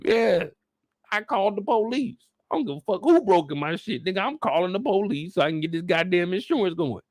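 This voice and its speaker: A man hosting a casual, joking recap of a TV episode, animated and profane. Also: high voice, brisk, no echo, studio quality. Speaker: YouTube show recap host. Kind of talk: casual comedic commentary.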